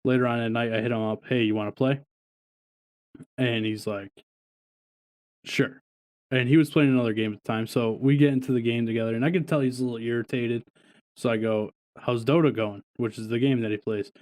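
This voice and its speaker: A male podcast co-host in a casual chat, telling stories with loose, profane humor. He laughs often as he talks, and his pitch sits in a middle range for a man. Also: fairly even intonation, fast talker, a little mellow.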